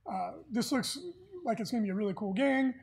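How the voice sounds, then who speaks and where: A man's voice: extremely high pitch, brisk, gravelly, a little mellow, husky. A man hosting a podcast, talking casually and easily about tabletop gaming news with a lot of filler words. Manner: chatty, easygoing, with frequent filler words. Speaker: podcast host.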